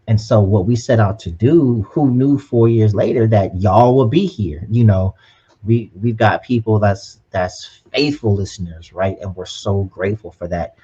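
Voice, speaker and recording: A man's voice: lowish voice, warm tone, husky, lo-fi sound. A man co-hosting a podcast in an upbeat, preachy tone, often tagging "right?" onto his points. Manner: upbeat, preachy, often adds "right?" and "you know what I'm saying". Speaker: podcast co-host. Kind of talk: casual motivational podcast chat.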